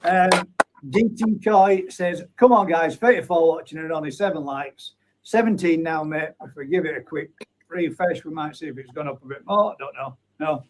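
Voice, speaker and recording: A man's voice: on the high side, normal speed, rough recording. Man hosting a chatty live stream. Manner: chatty, banters and reads names aloud. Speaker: host of a live pond chat stream. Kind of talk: casual chat, reading out viewer comments.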